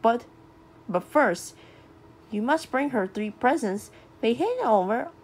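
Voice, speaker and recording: A woman's voice: a little high, lively intonation, slow, a little mellow, breathy edge, full character voice. Woman voicing Tyrone, a grumbling servant. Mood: explaining. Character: loyal male royal servant.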